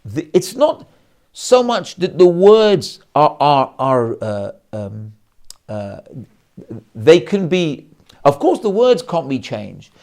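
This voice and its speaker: Male rabbi, animated sermon storyteller, high and lively. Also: slow pace. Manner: animated, acts out quotes, many restarts.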